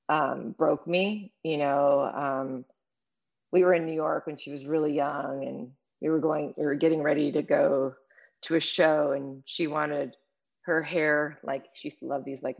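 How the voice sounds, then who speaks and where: A woman's voice: deep voice, creaky, highs cut off. A middle-aged woman speaking candidly and emotionally in conversation, rambling with many fillers. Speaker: guest.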